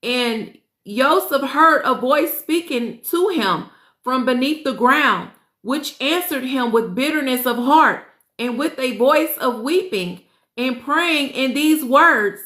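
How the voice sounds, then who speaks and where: A woman's voice: sits high, animated, sharp tone. A woman reading scripture aloud in an earnest, emotional way, breaking off for casual asides to her listeners. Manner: earnest and emotional, pauses to react. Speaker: scripture reader and host. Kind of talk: reading aloud with personal commentary. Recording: roomy echo.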